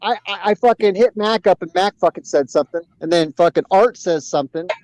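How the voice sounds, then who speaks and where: A man's voice: high voice, fairly quick, darkish tone, dry recording, poor audio. A man arguing heatedly on a live stream, swearing heavily and repeating his points. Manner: heavy swearing, repeats himself insistently. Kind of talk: heated online debate.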